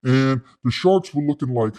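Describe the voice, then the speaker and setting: A man telling a comic story, retelling it in a rambling, deadpan way. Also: medium pitch, normal speed. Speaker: comedic storyteller.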